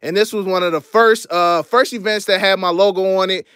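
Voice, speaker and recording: Young male streamer, high voice, dry close mic, relaxed slangy delivery, thanks donors as he goes. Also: brisk, clean tone, dry recording. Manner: laid-back slangy chatter, shouting out donors. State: out of breath. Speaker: sneaker channel host. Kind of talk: casual livestream show-and-tell.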